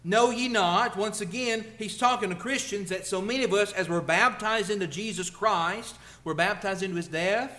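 A man's voice: high-pitched, normal speed, few pauses, sharp tone, reverberant. A male preacher delivering a conversational sermon, asking rhetorical questions and building emphasis. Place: church.

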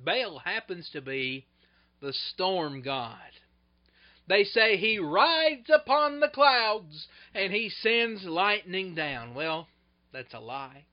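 A male preacher giving a sermon, retelling scripture in an animated way that swings between loud bursts and hushed asides. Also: high voice, takes it slowly. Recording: dull lo-fi recording.

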